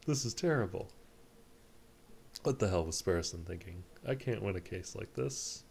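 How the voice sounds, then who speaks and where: A flustered young falcon lawyer, read aloud by a man in a low, gravelly, everyday voice. He frets over cases and bills in a storybook bird world. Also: animated, moderate pace, a little mellow, slight background noise. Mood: worried. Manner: read aloud in a nearly plain voice.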